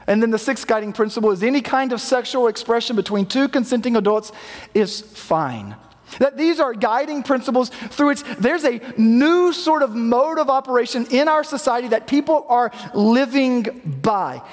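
A man pastor preaching a sermon in a relaxed, conversational way, sometimes acting out the lines he quotes. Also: very high-pitched, normal speed, in a large hall. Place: church sanctuary.

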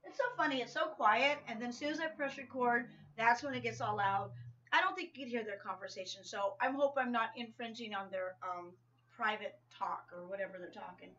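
A chatty woman with a bright, sharp voice and a slightly high pitch, gushing and rambling with fillers in a casual home vlog. The sound is dull and lo-fi. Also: brisk. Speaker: vlogger. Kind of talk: casual chat. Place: room at home.

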